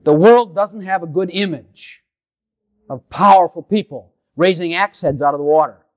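A man's voice: high-pitched, normal speed. A man preaching a sermon with fervent emphasis, rising into quoted prayers. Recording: dull lo-fi recording.

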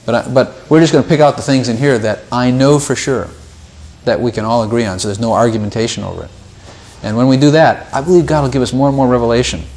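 A man's voice: medium pitch, darkish tone. Conversational man teaching Bible study. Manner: conversational, repeats words, quotes scripture in a raised voice.

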